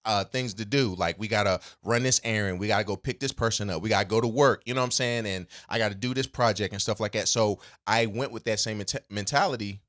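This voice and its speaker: Speaking fast with few pauses, a man co-hosting a podcast tells a story in casual chat, rambling loosely with plenty of fillers and restarts and laughing easily. His voice is lowish with a fairly bright tone.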